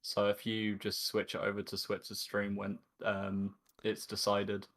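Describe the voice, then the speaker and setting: Low flat-voiced guy running the tourney, kinda hesitant. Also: a little slow. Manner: hesitant, lots of ums. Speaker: tournament organizer. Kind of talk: casual announcement.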